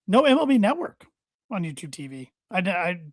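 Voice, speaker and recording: Guy cohosting a wrestling podcast, kinda higher voice, repeats words a lot, dry close mic. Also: very animated, dry recording. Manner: halting, repeats words often. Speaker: podcast co-host. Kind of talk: casual wrestling podcast chat.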